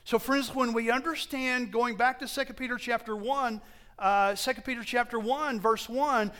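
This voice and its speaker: A man preaching a sermon to a congregation, slow and emphatic, often asking them questions and correcting himself as he goes. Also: extremely high pitch, sharp tone.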